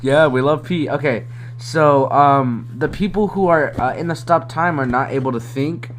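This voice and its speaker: A man's voice: fairly high pitch, normal speed, soft background music. A young man co-hosting a casual podcast, rambling and hesitant, laughing often. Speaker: podcast co-host. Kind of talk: casual chat.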